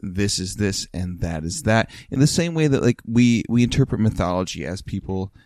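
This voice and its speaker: A man musing out loud on a casual podcast chat over drinks, thoughtful and rambling, dropping the odd swear. His voice sits a little low and sounds dry and close. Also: expressive, normal speed, no echo. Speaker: podcast co-host.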